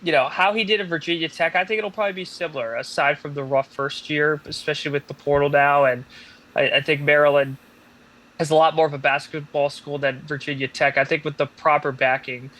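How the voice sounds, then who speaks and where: A man's voice: fairly high pitch, fairly even intonation, a little fast, fairly bright tone. A man co-hosting a sports podcast, giving opinions in a hesitant way with frequent fillers. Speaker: podcast co-host. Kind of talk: casual sports analysis chat.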